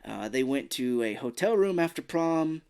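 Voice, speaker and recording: Co-host, male, casual recap voice, throws in brief character impressions, mid pitch. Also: expressive, vocal fry, darkish tone, clear, resonant tone. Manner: retells plot with quick put-on voices for characters. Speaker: podcast co-host. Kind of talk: casual film recap chat.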